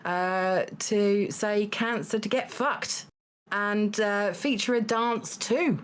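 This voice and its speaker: A woman hosting a charity live stream in casual banter, often halting and repeating words as she thinks. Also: medium pitch, slight background noise. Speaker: host of a charity stream event.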